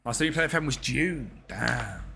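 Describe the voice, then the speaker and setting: A man's voice: medium pitch, animated, normal speed, creaky, pushed and bright, slight background noise. A young man streaming a football management game, chatting casually with viewers and swearing freely. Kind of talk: live gameplay commentary.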